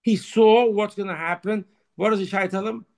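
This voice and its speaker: A man giving an informal Torah talk, halting and repeating words, then pressing his points with emphatic urging. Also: sits high, steady tone. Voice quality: gravelly, husky voice. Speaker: Torah teacher.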